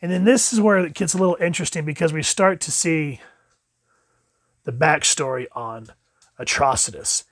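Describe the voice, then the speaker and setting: Host: male comic reviewer, chatty, higher voice, dry close sound. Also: normal speed, no room sound. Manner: chatty, acts out quotes with jumps in pitch. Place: home room with dogs.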